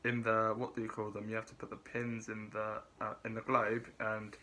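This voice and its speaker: Bright-voiced man, halting review. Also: fairly low pitch, completely flat delivery. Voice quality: halting, many fillers and restarts. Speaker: reality show reviewer. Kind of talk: casual spoken review.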